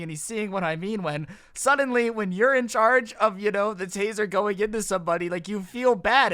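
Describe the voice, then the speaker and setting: A man in his twenties telling a high school storytime to his channel in a casual, slangy way, tossing in bro and dude. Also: fairly bright tone, no echo, studio quality. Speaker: YouTube storyteller.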